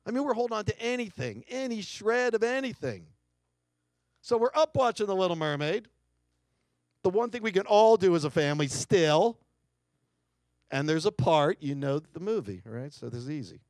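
Middle-aged guy telling a family story at a keynote, pitch jumps all over, dry sound. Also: big pitch swings, moderate pace, long pauses, a little mellow, no echo. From United States. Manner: dramatic storyteller, acts out family quotes. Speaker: keynote speaker. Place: lecture hall.

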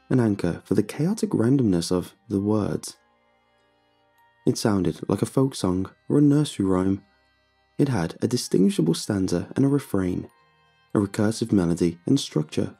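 Gravelly dark-voiced male horror narrator. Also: on the low side. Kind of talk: scripted horror story narration.

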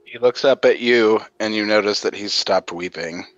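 A man narrating a tabletop game as game master, describing scenes in a measured way. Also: fairly low pitch, fairly bright tone, dry recording, muffled recording.

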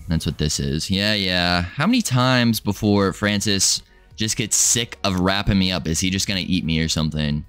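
A man's voice: low voice, a bit bright, no room sound. A man doing casual, joking gaming commentary as a let's play host, rambling and chatting to viewers.

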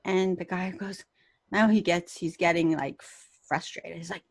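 A woman's voice: fairly low pitch, level tone, unhurried, no echo. A woman guest telling a personal story on a podcast, acting out quotes and laughing often. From Canada. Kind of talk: storytelling interview.

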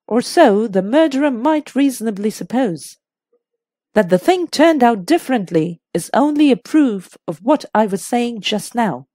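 A woman's voice: a little high, a little mellow, no echo, clean studio sound. A woman voicing a diffident, careful middle-aged male doctor explaining things step by step.

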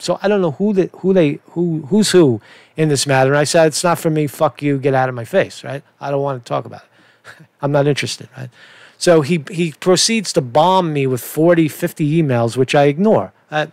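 This is an online commentator, a middle-aged man with a Brooklyn accent and a slightly high voice, recorded without echo. He rants profanely in a rambling way and keeps tossing in "right?"

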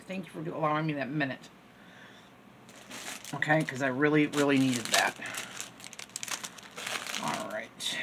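A woman's voice: very deep voice, unhurried, pauses often, heavy background noise. Chatty older woman showing off a haul. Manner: chatty, rambling, self-deprecating. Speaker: haul vlogger. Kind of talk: casual haul chat. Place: home room.

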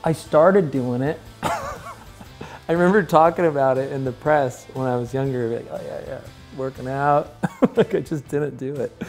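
A relaxed man in his thirties chats about food and training at home, laughing easily and leaning on fillers. His mid-range voice carries a gravelly edge, with soft music playing underneath. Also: on the high side, a little slow. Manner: relaxed, chatty, laughs often, lots of fillers. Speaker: interview guest, pro snowboarder. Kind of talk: casual chat. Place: house, indoors.

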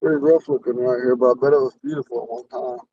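A man's voice: mid-range voice, steady tone, quick pace, far from the mic, lo-fi sound. Man with a lisp talking while driving. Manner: rambling, earnest and spiritual. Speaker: Ponca language teacher. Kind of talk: casual talk while driving. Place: inside a car on the road.

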